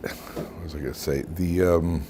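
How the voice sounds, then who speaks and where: Casual rabbi teaching a class, asks the room questions, faint room noise. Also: male voice, sits low, unhurried. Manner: lively, asks the class questions, frequent "right?". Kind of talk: informal Torah class.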